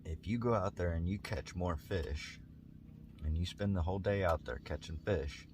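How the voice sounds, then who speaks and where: A man voicing an eager American businessman in a told story, pitching big plans persuasively. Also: moderate pace, background noise.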